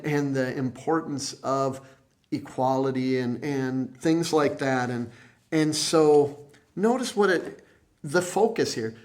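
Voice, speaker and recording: Man, minister, sermon, slow unhurried pace, halting restarts, soft when quoting. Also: mid-range voice.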